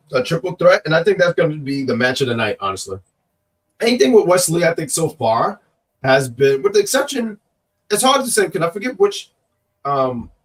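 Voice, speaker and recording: A man's voice: mid-range voice, distant mic. Rambling male co-host, a little off-mic. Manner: rambling, joking, reads chat comments aloud. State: working with a cough. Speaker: co-host of a wrestling review show. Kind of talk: casual live-stream chat.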